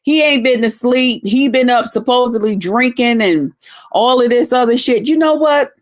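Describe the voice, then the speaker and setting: Cussing woman livestreamer, loud and rowdy. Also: fairly high pitch, moderate pace. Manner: profane, rowdy storytelling with heavy cursing; talks straight to viewers, greeting them by name. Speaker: livestreamer talking to her chat. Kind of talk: casual live chat.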